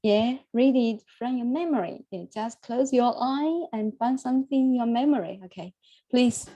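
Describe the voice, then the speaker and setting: A woman's voice: a little high, dry recording, dull audio. A woman leading an English recitation group on a video call, praising and coaching the learners. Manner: warm praise, repeats words, some pauses. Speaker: English reading group leader. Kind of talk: encouraging recitation practice.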